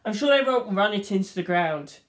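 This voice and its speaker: A woman's voice: mid-range voice, animated, fairly quick. A woman reviewing a film in a rambling, casual monologue, swearing freely and acting out the scenes.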